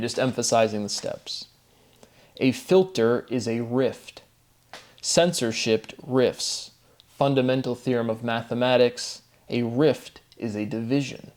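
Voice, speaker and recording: A man talking alone to camera, musing over word derivations, slowly repeating words and chuckling at himself. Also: mid-range voice, darkish tone. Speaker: solo video host.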